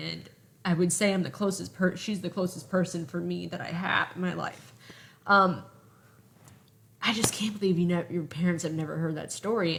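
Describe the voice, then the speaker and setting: A woman's voice: fairly low pitch, vocal fry, a bit bright. A young woman in her late twenties hosting a candid podcast conversation, telling stories bluntly with plenty of swearing. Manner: blunt, profanity-laced storytelling. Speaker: podcast host.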